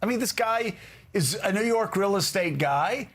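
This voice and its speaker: A man's voice: high voice, animated, moderate pace, fairly bright tone. A male television host giving incredulous, mocking political commentary.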